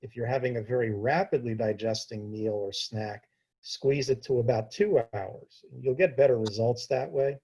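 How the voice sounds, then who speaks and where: A man answering questions as a diabetes educator on a video call, explaining in a measured way. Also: mid-range voice, warm tone, slightly rough, poor audio. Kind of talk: informal Q&A talk.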